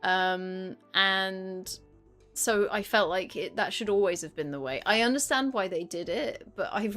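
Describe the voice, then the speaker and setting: A woman's voice: mid-range voice, unhurried. British woman, live game streamer, rambly and chatty with plenty of "um"s, mid-range voice, faint music underneath. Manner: rambling and chatty with many "um"s, excitable when reacting to chat. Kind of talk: casual live-stream chat.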